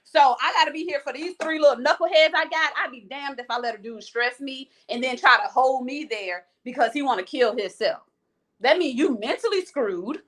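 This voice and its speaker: A woman hosts a casual livestream in a fairly high voice. She speaks frankly and with energy, right to her viewers, and reads out their comments as she goes. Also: a little fast, hardly any pauses. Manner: frank, animated, talks straight to the viewers. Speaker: host of a live chat show.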